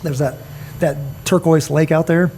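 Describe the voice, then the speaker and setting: A man's voice: fairly high pitch, fairly even intonation, moderate pace, a little mellow. Earnest man telling a rambling story. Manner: rambling, earnest, acts out quoted dialogue. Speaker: podcast host. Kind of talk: casual storytelling chat. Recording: faint background noise.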